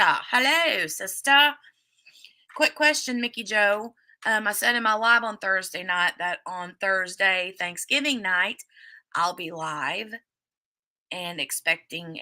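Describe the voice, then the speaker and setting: A woman hosts a casual livestream at an unhurried, drawn-out pace. Her voice is very bright and forward. She chats away, laughs easily and calls out viewers by name. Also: on the low side. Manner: chatty, greets viewers by name, laughs often. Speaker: livestream host. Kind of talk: casual livestream chat recapping a TV episode.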